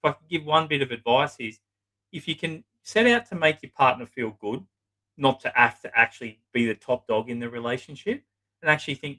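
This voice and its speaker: A man speaks with a bright, forceful voice. He gives earnest advice in a plain conversational way. He is blunt and drops the odd swear word for emphasis. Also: medium pitch, normal speed, poor audio. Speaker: psychotherapist guest. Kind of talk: casual advice talk.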